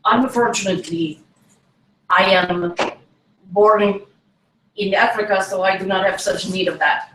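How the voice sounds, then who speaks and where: A man putting on a stiff, formal foreign man who speaks halting broken English, in a roomy echo from a distant mic. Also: high-pitched, steady tone, pushed and bright, slight background noise.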